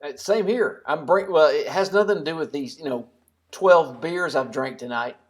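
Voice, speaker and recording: A man's voice: fairly high pitch, normal speed. A man in casual podcast chat as a guest, joking and rambling loosely.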